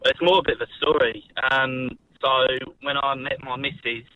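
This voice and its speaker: A man's voice: medium pitch, fairly even intonation, moderate pace, no room sound, highs cut off. An Australian man calling in to radio, telling a story in a laid-back way. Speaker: caller. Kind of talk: phone-in chat.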